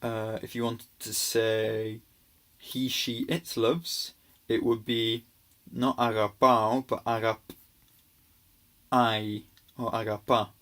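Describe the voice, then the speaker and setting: A man's voice: mid-range voice, flat delivery, slow, pauses often, a bit bright. A man giving a casual grammar lesson over slides, patient and reassuring, with many ums and small restarts. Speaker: language teacher.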